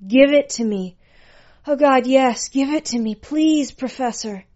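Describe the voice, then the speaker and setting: An eager young woman student in an audio story gasps and pleads in high, loud bursts, as a woman reading puts her on. Her voice sits well above the reader's own and carries a dull, lo-fi recording tone. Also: unhurried. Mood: breathless pleading. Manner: breathless, pleading.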